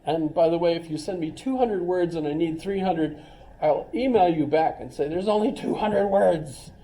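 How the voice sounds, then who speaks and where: A man's voice: fairly high pitch, lively intonation, moderate pace, mellow. A middle-aged man, a college philosophy instructor, giving a casual classroom lecture, chatty and rambling with joking asides. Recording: roomy classroom from a distance.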